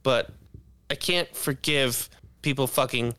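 Guy with a bright smooth voice, sarcastic sweary podcast rant. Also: mid-range voice, a little slow. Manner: profane, sarcastic, stammering restarts. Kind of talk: casual crude podcast banter.

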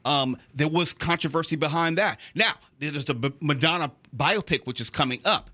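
A man's voice: fairly high pitch, moderate pace, bright, forceful tone. A man co-hosting on talk radio, arguing and pressing his point in studio discussion. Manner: argumentative, makes a point and presses it. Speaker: radio show co-host.

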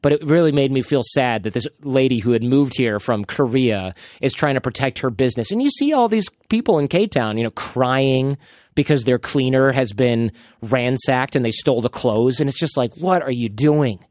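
Animated male podcast host, dry sound. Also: mid-range voice, moderate pace, no room sound. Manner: animated storyteller, acts out quotes. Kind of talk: casual podcast chat.

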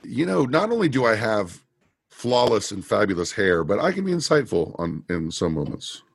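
A man co-hosting a podcast, casually recapping a TV episode and retelling scenes in an animated way. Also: lowish voice, moderate pace, creaky, slightly rough, dry recording, clean studio sound. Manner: animated retelling with quoted lines and laughs. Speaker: podcast co-host.

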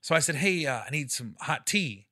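A man telling comedy stories on a casual podcast, acting out quotes in high squeaky voices and laughing often. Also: moderate pace, dry recording, studio quality. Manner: animated storyteller who acts out quotes with high squeals and laughs. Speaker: comedian guest.

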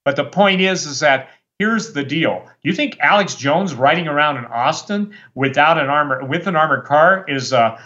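A man's voice: on the high side, animated, normal speed, hardly any pauses, pushed and bright, muffled recording. A man speaking as a guest preacher on a talk show, worked up and fiery, rambling with many restarts. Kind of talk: impassioned talk-show monologue.

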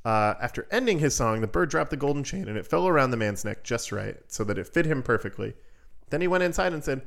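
Lively man telling a fairy tale. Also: mid-range voice, quick pace, creaky. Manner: playful and animated, joking asides. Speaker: podcast host. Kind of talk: casual storytelling of a fairy tale.

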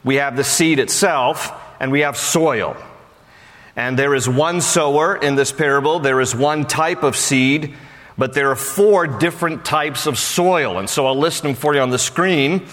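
Male pastor, slightly high voice, casual joking sermon delivery, long hall reverb. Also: unhurried, fairly bright tone. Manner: conversational and joking, with playful asides.

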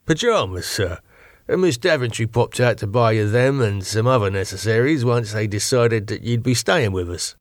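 A man voicing a polite, heavy-set male bodyguard in his late thirties who answers courteously and evasively, trailing soft on each "sir". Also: lowish voice, expressive, normal speed, no echo, clean studio sound, lightly acted.

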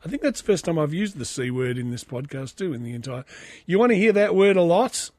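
A man's voice: a little high, expressive, brisk, no echo, studio quality. A man with an Australian accent hosting a podcast, casually reading out comments with loose, crude asides. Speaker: podcast host.

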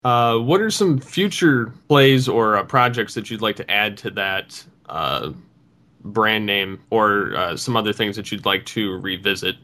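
A male interviewer asks his questions slowly and hesitantly, with plenty of fillers. His voice sits low and his pace is unhurried. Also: pushed and bright. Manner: slow, hesitant, many fillers.

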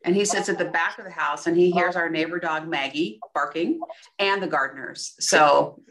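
Upbeat female podcast co-host, lower voice. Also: moderate pace, fairly bright tone. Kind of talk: casual chat.

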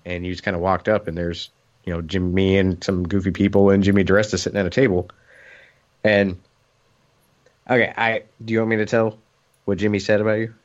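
A man with a lowish voice tells a story in relaxed conversation. He acts out the people he quotes. The sound is a little muffled and lo-fi. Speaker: podcast co-host. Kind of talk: casual storytelling chat. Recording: muffled lo-fi recording.

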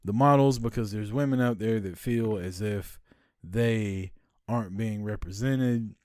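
A man's voice: lowish voice, unhurried, dry recording, clean studio sound. A middle-aged man co-hosting a casual podcast, talking bluntly and swearing freely. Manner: blunt, profane and animated. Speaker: podcast co-host. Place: home podcast studio.

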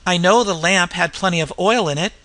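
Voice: medium pitch, fairly quick, sharp tone, natural voice. A reader voicing a frightened, superstitious male railway inspector in a storybook, gasping and pleading. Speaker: storybook character.

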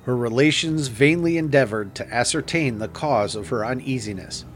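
A man narrating a gothic tale as an audiobook in a measured, grave manner. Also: medium pitch, lively intonation, faint music behind.

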